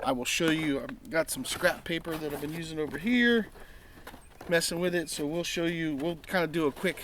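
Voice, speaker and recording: A man's voice: fairly high pitch, noisy background. A man in a casual unboxing vlog, talking eagerly with many ums, restarts and repeated praise as he shows his collection. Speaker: knife collector reviewing his purchases.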